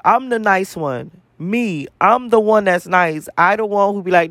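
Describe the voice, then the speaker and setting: Man, high-pitched, profane repetitive rant, dry close sound. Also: unhurried, a bit bright, no room sound. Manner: profane, emphatic, repeats phrases for emphasis. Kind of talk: casual spiritual rant to camera.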